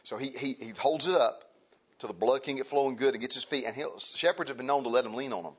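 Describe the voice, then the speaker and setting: Husky preacher. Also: male voice, medium pitch, quick pace. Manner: folksy preaching, repeats phrases, asks the congregation questions. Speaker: Baptist pastor. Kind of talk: sermon. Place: church sanctuary. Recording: dull lo-fi church recording.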